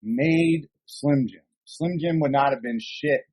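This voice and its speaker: A man co-hosting a podcast, chatting casually, rambling excitedly and swearing often. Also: medium pitch, takes it slowly, low-quality recording. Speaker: podcast co-host. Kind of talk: casual chat.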